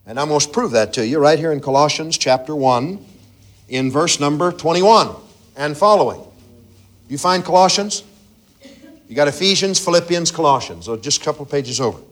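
Preacher guy, pretty high voice, super lively pitch, goes big then drops way down quiet. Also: moderate pace. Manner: preaching with sweeping swings in pitch and loudness, drops to near-whisper asides. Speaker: pastor. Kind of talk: sermon.

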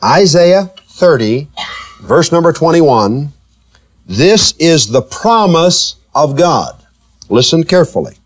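A man preaching a sermon, teasing and questioning his listeners, with slow, emphatic delivery that rises and falls. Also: a little high. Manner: animated, teasing, asks the congregation questions.

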